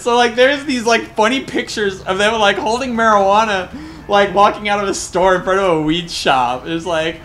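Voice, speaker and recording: Rambling, excitable young man caster. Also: sits high, moderate pace, slight background noise. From Colorado, USA. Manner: rambling, excited anecdotes with swearing and laughter. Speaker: game caster. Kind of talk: casual storytelling during a game broadcast.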